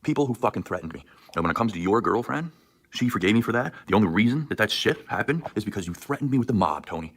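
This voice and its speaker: A man in his thirties with a very deep, husky voice tears through a furious, rapid-fire rant. Curses and insults tumble out almost without a pause. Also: lively intonation. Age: 30s. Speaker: livestreamer. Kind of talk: angry livestream rant.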